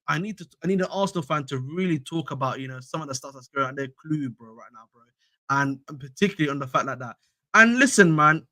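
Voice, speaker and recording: A man's voice: fairly high pitch, pushed and bright, no echo. Slangy young man streaming. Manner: slangy, repetitive, addresses viewers as bro. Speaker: fan channel host. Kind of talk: casual live-stream chat.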